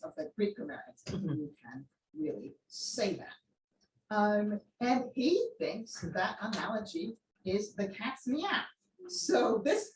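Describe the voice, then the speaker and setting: A woman's voice: mid-range voice, slight background noise. A woman giving an academic seminar lecture, explaining as she goes with frequent ums and answering questions from the room. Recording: echoey room, voice a bit distant.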